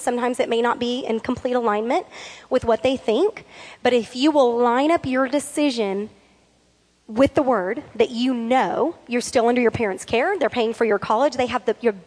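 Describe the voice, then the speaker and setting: A woman's voice: fairly high pitch, darkish tone. Earnest woman preaching in a reverberant hall. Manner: earnest, reads scripture slowly, repeats for emphasis. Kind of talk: sermon.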